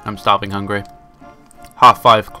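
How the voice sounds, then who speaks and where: A man from England gives rambling, joking commentary over his gameplay. His voice is fairly low but bright and forceful, with game music faint behind him. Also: little pitch movement, a little slow. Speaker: let's play commentator.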